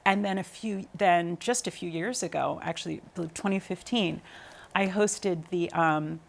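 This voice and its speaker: Chatty woman telling stories, lowish voice. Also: measured pace, vocal fry. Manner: animated storytelling with many fillers. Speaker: guest, opera singer. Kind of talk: interview conversation.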